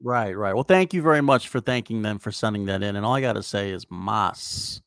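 Man, comedian guest, low gravelly voice, joking, hesitant. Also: a little fast, fairly bright tone, no echo, studio quality. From New York City. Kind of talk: comedy podcast banter.

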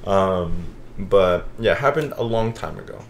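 A man in his twenties on a podcast, casually telling a long story with lively swings and casual swearing. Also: deep voice, unhurried, a little hiss or hum. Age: 20s. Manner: animated storyteller, swears, says "bro". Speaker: podcast co-host. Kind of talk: casual chat.

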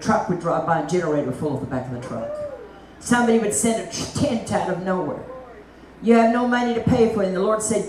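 Animated woman preacher in a roomy hall. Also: fairly low pitch, fast, a little hiss or hum. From Africa. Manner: animated preaching, acts out voices of God and others. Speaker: evangelist. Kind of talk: sermon. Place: meeting hall. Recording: roomy, distant mic.

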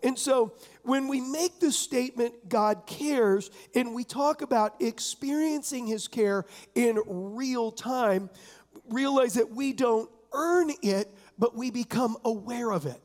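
A man's voice: extremely high pitch, takes it slowly, darkish tone. A man pastor preaching a conversational sermon, often asking the congregation questions. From San Diego area.

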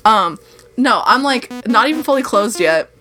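A woman's voice: fairly high pitch, animated, normal speed. A young woman in her twenties co-hosting a casual podcast, telling a long rambling story full of swearing and dry sarcasm. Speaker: podcast co-host. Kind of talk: casual chat.

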